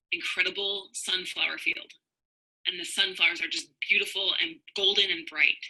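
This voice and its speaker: Husky, bright-toned woman coach. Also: on the low side, poor audio. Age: 30s. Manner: earnest personal storytelling, addresses viewers directly. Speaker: marriage coach. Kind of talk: livestream coaching talk.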